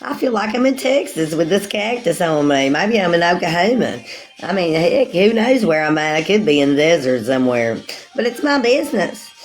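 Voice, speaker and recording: A woman's voice: on the low side, big pitch swings, moderate pace. A woman in her forties chatting casually with livestream viewers, rambling, calling them sweetie and laughing often. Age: 40s.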